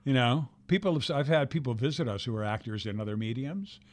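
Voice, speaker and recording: An older man tells stories in a relaxed interview, animated and loose, often restarting phrases and swearing freely. His voice sits at an ordinary pitch and sounds dry and close, with no room around it. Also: brisk, no room sound. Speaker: guest actor. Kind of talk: casual interview storytelling.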